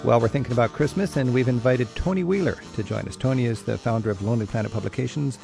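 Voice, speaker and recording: A man's voice: medium pitch, fast, vocal fry, music in the background. A man hosting a radio interview, asking curious short questions. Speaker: radio host.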